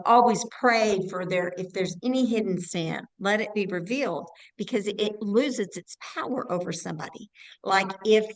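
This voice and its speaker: Woman class participant on a video call, mid-pitched, earnest, explains with examples. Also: poor audio. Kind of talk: online class discussion.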